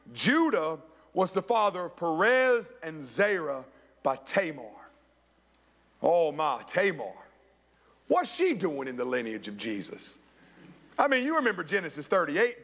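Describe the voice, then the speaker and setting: A man preaching a sermon as pastor, with dramatic pauses and emphasis. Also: high-pitched, fairly bright tone, big-room sound. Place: church sanctuary.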